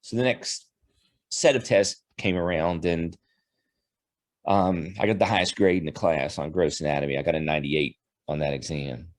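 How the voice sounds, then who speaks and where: A man giving a heartfelt spoken tribute to his longtime pastor, halting and emotional. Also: sits low, steady tone, dry recording. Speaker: former church member giving a tribute.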